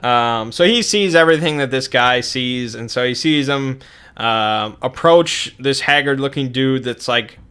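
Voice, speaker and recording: A man's voice: mid-range voice, a little slow, fairly bright tone, smooth. A young man recounting a tabletop game session in a rambling way, with many fillers and restarts.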